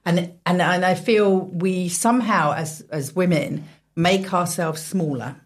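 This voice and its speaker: Female radio host, very low voice, reflective delivery. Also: measured pace. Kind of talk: casual radio chat.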